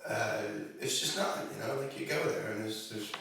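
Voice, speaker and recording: A man in casual comedic chat as co-host, halting with fillers and laughing at his own jokes. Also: fairly low pitch, fairly bright tone, a little hiss or hum. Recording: echoey room, distant mic.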